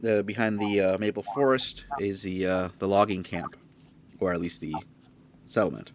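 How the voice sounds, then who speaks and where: A man narrating a tabletop game as game master, halting with many fillers. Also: low-pitched, steady tone, slight background noise.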